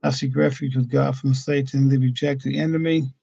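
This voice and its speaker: A man with a gravelly, mellow voice teaches scripture in a patient, explanatory way, often stopping on fillers as he thinks. He sits at a computer mic, and the sound is dull and lo-fi but dry, with no room around it. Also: medium pitch, level tone, normal speed, no room sound. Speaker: religious teacher. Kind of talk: weekly scripture study lesson. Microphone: computer mic at a desk.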